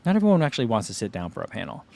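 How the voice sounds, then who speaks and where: A man's voice: on the low side, huge pitch swings, rapid-fire, vocal fry, darkish tone, dry recording. A man hosting a running channel, chatting casually on a livestream and answering viewer comments, rambling with lots of "like" and "you know.".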